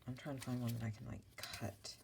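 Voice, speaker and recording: Speaking in rapid-fire bursts with a flat delivery, this papercraft vlogger has an extremely low-pitched voice. The middle-aged woman rambles through casual crafting chat, apologizing and mocking herself, over a very noisy recording.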